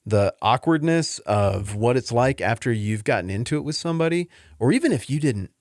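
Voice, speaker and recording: A man's voice: a little fast, no echo, clean studio sound. A man hosting a casual Bible teaching podcast, talking in an earnest, rambling and openly emotional way. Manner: conversational with lively pitch swings.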